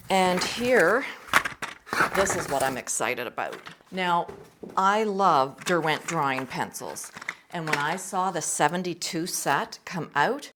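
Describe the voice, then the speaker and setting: Low-voiced woman chatting while swatching art supplies. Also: background noise. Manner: chatty, enthusiastic, murmurs to herself while swatching. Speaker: art channel host. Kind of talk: casual art supply testing vlog.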